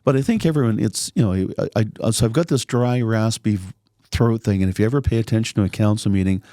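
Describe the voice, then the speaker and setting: Raspy middle-aged councillor, easygoing and joking, mellow dark tone, dry close sound. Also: male voice, fairly low pitch, quick pace, dry recording. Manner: easygoing, joking, talks in loose rambling phrases. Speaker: city councillor and podcast guest. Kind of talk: casual podcast interview.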